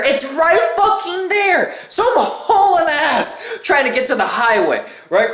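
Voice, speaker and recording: Animated woman telling a storytime, echoey room. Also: medium pitch. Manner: animated, profane, dramatic storytelling. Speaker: storytime YouTuber. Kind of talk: casual storytime vlog. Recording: roomy echoing room.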